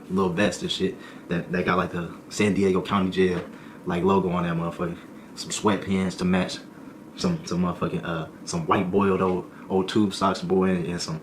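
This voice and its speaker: A young man with a deep, low-pitched voice tells a funny story on a stream. He talks in loose slang, tags his lines with "boy," and leans on repetition for laughs. A faint hiss sits under his voice. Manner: animated slang-heavy storytelling, repeating "boy" and "folk"; laughs often, repeats lines for effect. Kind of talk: comedic storytime.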